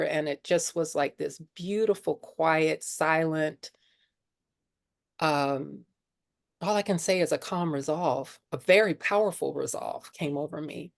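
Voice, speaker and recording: Middle-aged woman, lowish voice, talking real candid to her spiritual group, lots of "you know"s. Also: a little slow, vocal fry. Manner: earnest and conversational, with many fillers like "you know". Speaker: speaker leading a spiritual discussion group. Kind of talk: candid personal sharing talk.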